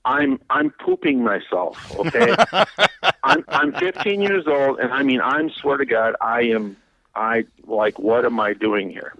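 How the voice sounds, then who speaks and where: A man's voice: medium pitch, sing-song, measured pace, creaky, a bit bright, dry recording, highs cut off. A race car driver in his fifties, from Wisconsin, telling a long rambling story in a radio interview, laughing and repeating words as he gets going.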